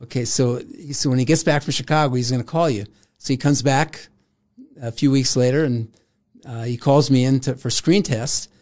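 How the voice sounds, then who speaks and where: A man's voice: medium pitch, fairly even intonation, normal speed, darkish tone. An older man, a guest in an interview, telling a long story in casual talk with frequent laughs. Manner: rambling, laughs often, acts out quoted voices.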